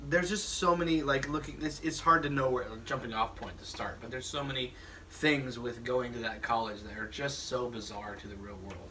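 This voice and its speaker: A man appearing as a podcast guest, telling stories in casual chat, animated and profane, laughing often. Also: medium pitch, a little fast, far from the mic, a little hiss or hum.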